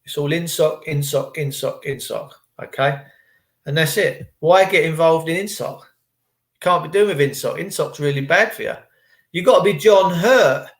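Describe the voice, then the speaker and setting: A man's voice: fairly high pitch, moderate pace. A man vlogging a rambling, preachy spiritual monologue to his viewers in casual slang. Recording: echoey room.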